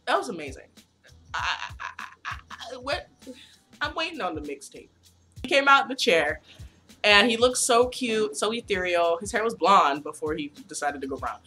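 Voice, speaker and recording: A young woman vlogger chatting casually about a concert, gushing, excitable and full of slang and swearing. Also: medium pitch. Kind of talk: casual concert recap chat.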